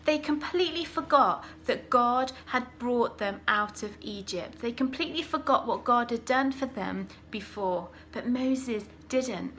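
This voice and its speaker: A woman leads a children's church session, telling a Bible story with lively, dramatic emphasis. Her voice sits a little high, with a faint hiss in the background. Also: a little slow, hardly any pauses.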